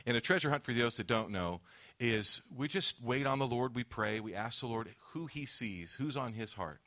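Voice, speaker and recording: Man, preacher, bright forceful voice, storytelling sermon. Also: medium pitch, lively intonation, moderate pace. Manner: storytelling, acts out quoted dialogue. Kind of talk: sermon testimony.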